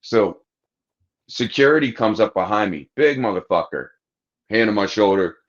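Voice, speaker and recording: Low-voiced man telling a profane story. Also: moderate pace, lo-fi sound. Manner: profane, animated anecdote-telling, acting out quotes. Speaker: podcast host. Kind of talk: casual storytelling chat.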